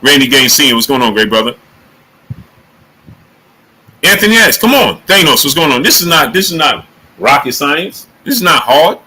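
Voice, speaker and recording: Bright, punchy man hosting a live stream. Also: mid-range voice, rough recording. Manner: energetic, emphatic, repeats questions. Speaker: boxing show host. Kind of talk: live-stream talk with chat shout-outs.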